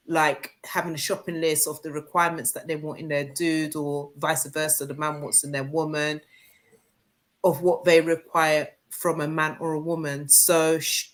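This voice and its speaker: A woman's voice: fairly low pitch, a bit bright, low-quality recording. Woman hosting a chat show. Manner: chatty, moves the talk along. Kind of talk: casual panel discussion.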